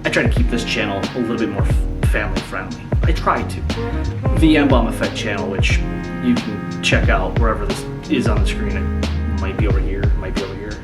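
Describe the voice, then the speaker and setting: Chatty podcast host over loud guitar. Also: male voice, fairly low pitch, fairly quick. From Rochester, New York. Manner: chatty, rambling with restarts. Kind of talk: casual talk to camera. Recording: echoey room with loud music. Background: loud guitar music.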